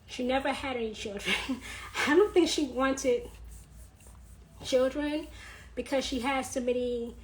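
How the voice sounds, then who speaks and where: A woman in her thirties talking earnestly in a personal vlog, repeating her points and laughing softly now and then. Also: high-pitched, a little slow, pauses often, low-quality recording. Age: 30s. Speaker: vlogger.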